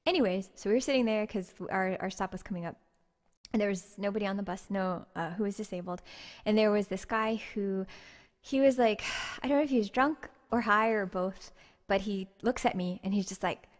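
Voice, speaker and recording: A woman streamer telling a story in casual livestream chat, animated and talkative, with a lot of filler "like". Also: mid-range voice, a little fast, in a large hall. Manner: animated, chatty, heavy use of "like".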